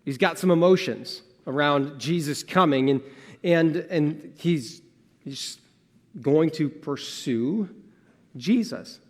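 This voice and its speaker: A man delivering a sermon as pastor, his voice sitting a touch higher than most men's. He speaks earnestly, shifting from quiet, confiding phrases to emphatic ones and leaning on rhetorical questions. The sound carries a long reverb from a church sanctuary. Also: takes it slowly. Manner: earnest, swings between emphatic and hushed, asks rhetorical questions.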